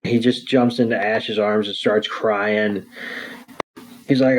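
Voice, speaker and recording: A man's voice: mid-range voice, little pitch movement, unhurried, pauses often, darkish tone, low-quality recording. A man co-hosting a podcast, casually recapping a cartoon episode with crude jokes. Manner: laid-back, crude joking. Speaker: podcast co-host.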